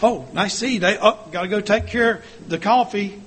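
A man's voice: high-pitched, a little hiss or hum, pitched above the performer's own voice, lightly acted. A man voicing a busy churchgoer who brushes people off to do chores. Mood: hurried. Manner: hurried, dismissive.

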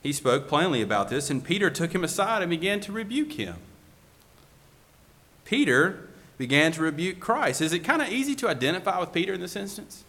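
Questioning male preacher, lively pitch. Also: a little fast. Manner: rhetorical questioning. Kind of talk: sermon.

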